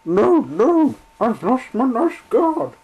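A man voicing tearful female train coaches in a high wailing voice. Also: sing-song, slow pace, husky, muffled recording, exaggerated voice. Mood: sobbing.

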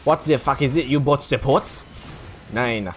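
A man's voice: mid-range voice, unhurried, slight background noise. A young man rambling through casual gameplay commentary late at night, tired, self-deprecating and swearing freely. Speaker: gaming YouTuber.

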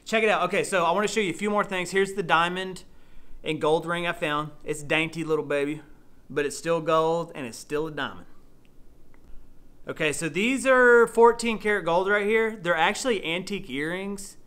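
A man, chatting excitedly as he shows off his finds in a casual vlog. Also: fairly high pitch, normal speed, smooth. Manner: excitable, chatty, says y'all. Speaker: storage unit reseller vlogger. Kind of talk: casual show-and-tell vlog.

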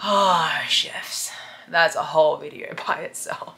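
A young woman speaking candidly about her worst moment as a business owner. Her voice is bright and crisp. She swears freely and laughs ruefully through painful memories, sounding close to tears at times. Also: deep voice, takes it slowly. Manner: raw, confessional, swearing often, laughing through hard memories. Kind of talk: candid personal storytelling.

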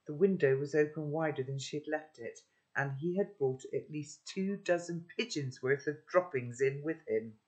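A man's voice: fairly high pitch, normal speed, a little mellow. A man teaching children, recapping the story with friendly tag questions and then reading a chapter aloud.

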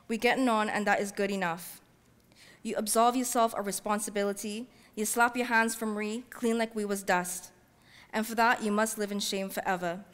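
Woman author at a public reading, mid-pitched, heartfelt first-person delivery in Caribbean-English dialect, long hall reverb. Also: smooth. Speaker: author reading her work. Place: library event space.

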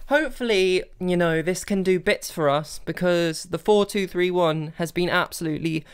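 A young man commentating his own football video game, bursting into exasperated shouts and then settling into calm planning. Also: high voice, normal speed, few pauses, smooth. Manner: excitable, swings between exasperated outbursts and calm planning. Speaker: gaming video creator. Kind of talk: live gameplay commentary.

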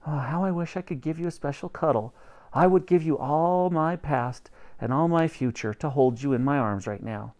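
A man reading a storybook aloud, voicing a gentle, worried queen mother who speaks softly and tenderly. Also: a little high, normal speed, lightly acted.

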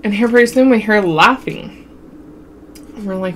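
A young woman from Wyoming, a mukbang vlogger, tells her viewers a childhood story in a chatty way, calling them y'all and laughing often. Her voice is medium-pitched and a bit bright at a moderate pace, with slight background noise.

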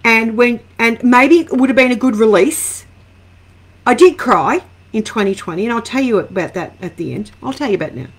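A woman's voice: on the high side, animated, brisk, slightly rough. A middle-aged Australian woman doing a casual live-stream angel card reading, greeting viewers by name and drifting into rambling personal asides.

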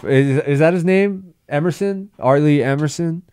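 A man's voice: on the high side, normal speed, a little mellow, smooth. A man hosting a podcast in casual chat, rambling and profane with lots of stammered restarts. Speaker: podcast host.

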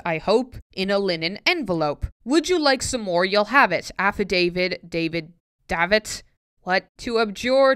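A woman's voice: on the high side, a bit bright, clean tone, no room sound, clean studio sound. A woman vlogger reading a tricky pronunciation poem aloud, word by word, with puzzled, self-mocking asides in between.

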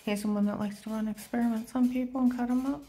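A woman's voice: a little high, steady tone, fast, dark tone. Woman in an urgent monologue, dropping to whispers. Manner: drops often into an unvoiced whisper. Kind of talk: rambling spoken monologue.

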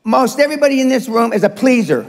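A high-pitched, gravelly older man lectures a seminar crowd, blunt and profane, jabbing at the audience. His voice rings out in a reverberant live hall. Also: animated, fast. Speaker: seminar speaker. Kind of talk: motivational seminar talk.

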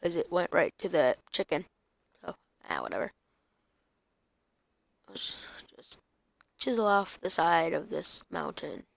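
A woman's voice: fairly low pitch, a little slow, creaky, no room sound. A young woman chatting casually through a block-building game video, rambling and breaking into silly sing-song bits. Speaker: gaming YouTuber. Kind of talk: casual gaming commentary.

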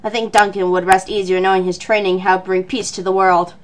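A woman voicing an earnest young male martial-arts monk in a lowered, solemn tone while reading game dialogue aloud. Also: flat delivery, a little fast, natural voice.

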